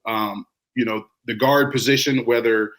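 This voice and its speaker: Reflective man coaching high school football. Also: moderate pace. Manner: relaxed, reflective, many fillers. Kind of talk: casual sports talk.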